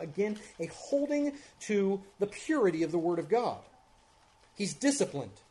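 A pastor preaching an earnest expository sermon, with emphatic rises and drops in loudness and casual asides. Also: male voice, on the high side. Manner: conversational asides.

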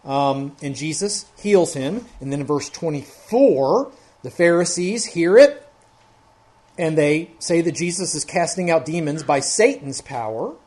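A man's voice: fairly high pitch, expressive, measured pace, darkish tone. Male pastor, expository sermon, methodical, verse by verse, increasingly emphatic. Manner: methodical, walks through verses one by one.

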